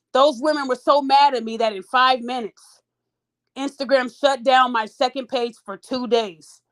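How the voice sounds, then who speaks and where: A woman with a high, bright-pitched voice tells a story to her podcast listeners. Her delivery is casual and animated, and she keeps turning to them with "y'all" as she goes. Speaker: podcast host.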